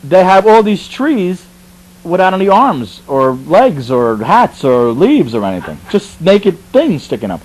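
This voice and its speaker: A man's voice: high voice, a little slow, poor audio. A man from the Bronx, telling a comic story about his army training in a chatty way, full of asides and restarts. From the Bronx, New York. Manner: animated, conversational, with frequent asides and restarts.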